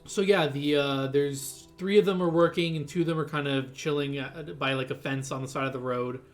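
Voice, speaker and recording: A man's voice: a little high, steady tone, brisk, soft background music. A man running a tabletop game as game master, narrating loosely with lots of fillers and restarts. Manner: rambling, full of fillers and restarts.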